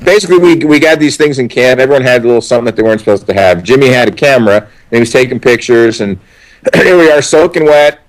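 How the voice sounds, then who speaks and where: A man's voice: mid-range voice, quick pace, poor audio. A man, an actor being interviewed, telling casual anecdotes with many restarts and some swearing. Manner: animated storyteller, frequent restarts and swearing.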